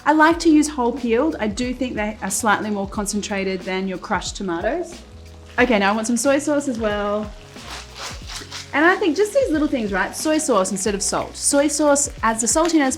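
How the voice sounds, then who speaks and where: A cooking show host with a fairly high, lively voice chats at a normal speed through each step of a casual demonstration. She's at the stove in a home-style kitchen, with a sizzling pan and soft music in the background.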